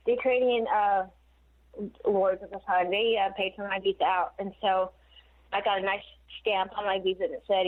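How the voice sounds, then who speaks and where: Rambling woman on a tinny phone line. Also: medium pitch. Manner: rambling, digressive storytelling with laughs. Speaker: interview guest. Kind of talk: casual phone interview. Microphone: phone call.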